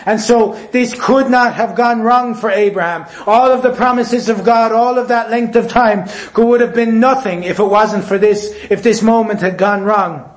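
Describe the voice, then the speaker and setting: A man preaching a sermon, forceful and repetitive, sometimes mimicking voices. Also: sits high, fairly even intonation, normal speed, hardly any pauses. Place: church hall. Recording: echoey room.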